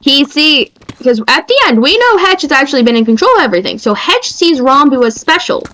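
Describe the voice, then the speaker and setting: A young woman streamer chatting casually in an excitable, rambling way. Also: high-pitched, fairly quick, low-quality recording.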